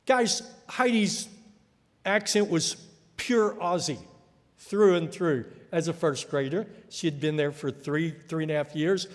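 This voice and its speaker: A man's voice: fairly high pitch, a little slow. A man preaching a sermon, telling stories and acting out the voices of people he quotes. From United States. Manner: storytelling, acts out quoted voices. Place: church hall. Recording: echoey church hall.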